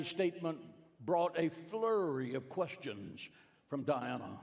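Middle-aged male preacher, storytelling sermon, hushed-to-emphatic swings, slightly raised pitch, echoing in a big hall. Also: lively intonation, slow pace, creaky. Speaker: pastor. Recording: long hall reverb.

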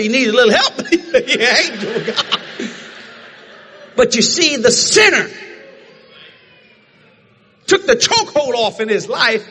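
A man preaching a sermon, telling a story in animated fashion and acting out the other people's lines. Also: very high-pitched, slow, long pauses, a little hiss or hum.

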